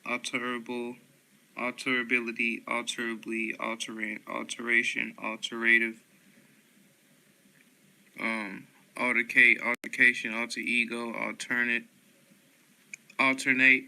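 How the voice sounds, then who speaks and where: Man reading words in a flat monotone. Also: medium pitch, measured pace, vocal fry, rough recording. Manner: flat, steady word-by-word reading with small slips. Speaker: reader of dictionary words. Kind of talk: reading a word list aloud.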